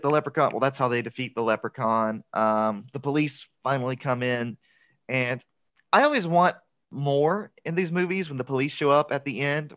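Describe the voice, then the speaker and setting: A man's voice: mid-range voice, fairly bright tone. Chatty man recapping a movie, lo-fi. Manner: chatty, laughs often, filler-heavy. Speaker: podcast host. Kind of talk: casual movie recap chat.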